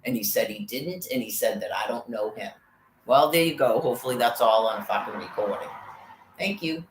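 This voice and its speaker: A woman vlogger speaks in a rumbling low, expressive voice at a fairly quick clip, agitatedly recounting a rambling, profane story of harassment. It's a personal rant captured in a roomy recording with faint background noise.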